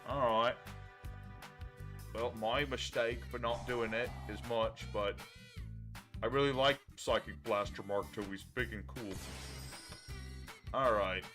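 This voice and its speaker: A male streamer talking through a card game in a loose, chatty way, thinking out loud and addressing his viewers as he plays. His voice sits at an ordinary middle pitch, with faint music running underneath. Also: fairly even intonation, slow, pauses often. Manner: chatty, thinks aloud and talks to chat. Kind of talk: casual live-stream commentary while playing a card game.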